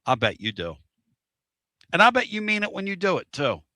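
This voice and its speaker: A man's voice: high-pitched, huge pitch swings, moderate pace, sharp tone, no echo, clean studio sound. A man hosting a casual live-stream talk show, talking in a rambling, folksy way and repeating himself. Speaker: show host.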